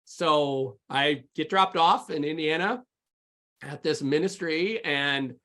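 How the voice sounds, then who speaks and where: A man's voice: fairly high pitch, takes it slowly, sharp tone. A man who is a podcast guest, telling his personal faith testimony in a candid, rambling way with many fillers and restarts. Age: adult with sons.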